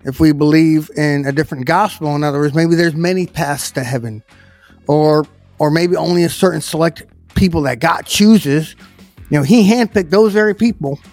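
Man, Bible teacher, fairly high voice, plainspoken and emphatic, soft music underneath. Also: normal speed, no room sound.

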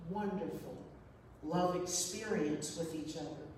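A woman's voice: on the low side, measured pace, darkish tone, distant mic, slight background noise. Earnest woman in an echoey hall. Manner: earnest, repeats phrases for emphasis. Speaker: speaker sharing a personal story. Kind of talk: reflective personal storytelling.

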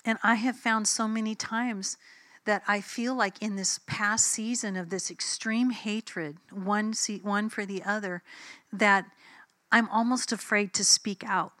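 A woman's voice: medium pitch, fairly even intonation, unhurried, pushed and bright, no room sound. A woman preacher giving a sermon in a conversational, emphatic way, telling personal stories and acting out the dialogue.

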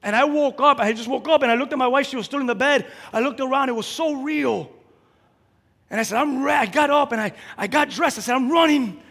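A man preaching as pastor, telling a story that swells into loud, fervent preaching. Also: very high voice, fairly quick, vocal fry. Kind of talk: sermon storytelling. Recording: long hall reverb.

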